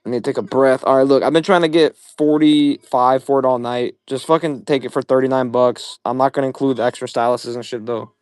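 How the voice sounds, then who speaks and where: Profane, excitable young man selling live. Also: mid-range voice, fairly quick, hardly any pauses, dry recording, studio quality. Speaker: livestream seller. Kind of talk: casual live-selling stream.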